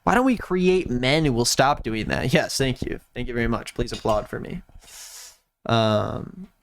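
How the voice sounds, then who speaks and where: A man hosting a livestream in casual chat, sarcastic and often jumping into high mock-excited tones. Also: measured pace, gravelly. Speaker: streamer hosting.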